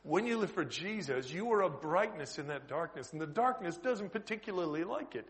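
A middle-aged man with a Canadian accent, preaching a sermon as an Anglican priest and prison chaplain, chatty and lively, swinging between loud bursts and quiet asides. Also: a little high, fairly quick. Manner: lively, conversational preaching with sudden loud bursts and soft drops.

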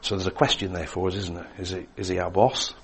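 A man preaching a sermon, swinging between emphatic lines and hushed, quiet ones. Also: deep voice, little pitch movement, fast, creaky, a little hiss or hum.

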